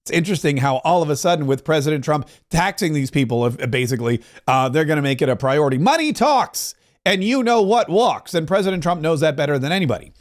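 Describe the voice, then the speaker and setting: A man's voice: on the high side, expressive, fast. A man hosting a political commentary show, talking emphatically with sarcastic asides. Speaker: talk show host.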